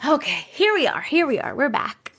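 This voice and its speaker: Seated at her computer desk at home, a woman with a New York accent hosts a casual livestream. Her voice is high, bright and very animated, and she talks briskly, laughing often as she chats and reads viewer stories and comments aloud.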